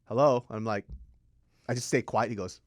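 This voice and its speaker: A man's voice: fairly low pitch, a little fast, no echo, clean studio sound. A man co-hosting a casual podcast, telling family stories with lots of swearing and acted-out quotes. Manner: animated storyteller, acts out family quotes, swears freely. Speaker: podcast co-host.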